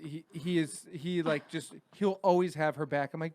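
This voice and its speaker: A man in his late thirties hosting a comedy podcast, telling stories in a profane, animated, casual way. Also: fairly high pitch, normal speed. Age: 30s. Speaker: podcast host.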